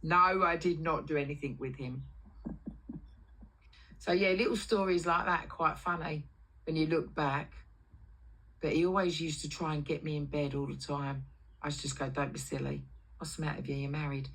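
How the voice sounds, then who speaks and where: Brash, bright-voiced woman. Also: low-pitched, fairly even intonation, normal speed, gravelly, long pauses, slightly rough, rough recording. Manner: brash and foul-mouthed, acting out quoted voices. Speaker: livestream host. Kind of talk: casual storytelling on a livestream.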